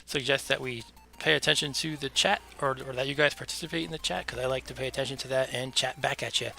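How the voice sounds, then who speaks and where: A man's voice: medium pitch, steady tone, vocal fry, bright, forceful tone, faint music behind. Breathless man hosting a game stream. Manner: chatty, self-deprecating, with fillers and quick asides. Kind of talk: casual live-stream chat. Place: home game room.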